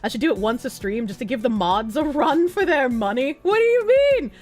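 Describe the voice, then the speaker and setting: High, animated woman streamer. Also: fairly quick. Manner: animated, giggly, reads chat aloud. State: rough throat. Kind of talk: casual live-stream chat.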